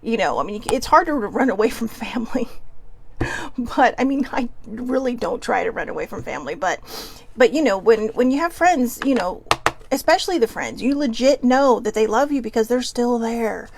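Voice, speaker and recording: A woman's voice: a little high, animated, normal speed, creaky, slight background noise. A woman hosting a live oracle card reading, chatty and giggly, swearing freely and wandering off topic.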